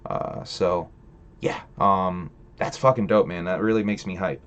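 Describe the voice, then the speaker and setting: A man's voice: low-pitched, fairly even intonation, a little slow, a bit bright, lo-fi sound. Profane, rambling male livestream host. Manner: profane, rambling, fillers, chats to viewers. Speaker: livestream host reading chat. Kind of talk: casual livestream chat.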